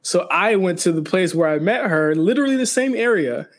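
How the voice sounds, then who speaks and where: A man's voice: high voice, lively intonation, fairly quick. A young man co-hosting a podcast, telling a story in casual chat with many restarts and quoted back-and-forth. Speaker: podcast co-host.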